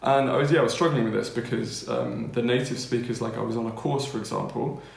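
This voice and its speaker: Chatty English man, gravelly voice. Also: mid-range voice, fairly even intonation, fast, echoey room. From England. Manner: chatty, keeps checking in with listeners. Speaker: language-learning teacher. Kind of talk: casual spoken lesson.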